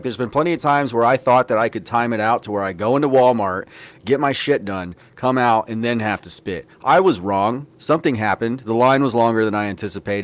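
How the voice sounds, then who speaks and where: A man hosting a podcast, telling rambling, profanity-laced stories in casual chat. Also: mid-range voice. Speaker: podcast host.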